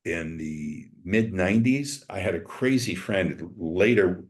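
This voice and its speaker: An older man with a very deep voice tells his story in casual talk. He is blunt and emphatic and swears often, as a guest speaking freely in an interview. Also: lively intonation, unhurried.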